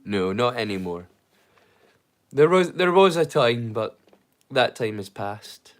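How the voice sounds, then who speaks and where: A man's voice: medium pitch, very animated, slow, faint music behind. A man hosting a livestream, chatting casually and rambling with viewers by name. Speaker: streamer and host.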